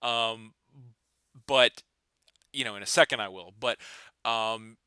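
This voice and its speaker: A man's voice: lowish voice, fairly even intonation, slow, pushed and bright, smooth, no room sound. A man hosting a podcast, chatting casually with lots of fillers and restarts. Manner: rambling, many fillers and restarts. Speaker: podcast host.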